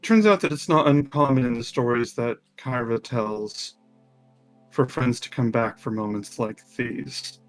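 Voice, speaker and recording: A man voicing a calm, dry sister who speaks in a low, measured way. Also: no room sound, soft background music, close to an everyday voice.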